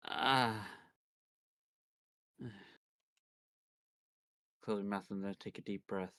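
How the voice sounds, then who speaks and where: A man's voice: medium pitch, fairly bright tone, dry recording. A man streaming a visual novel, reading its first-person narration aloud dramatically. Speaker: game streamer.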